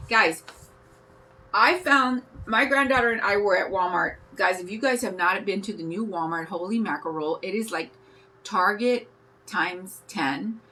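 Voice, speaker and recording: A woman in her fifties hosts a live craft tutorial, speaking in a medium-pitched, sharp voice at a slightly slow pace over poor audio. She chats in a bubbly, rambling way and greets viewers by name as she works.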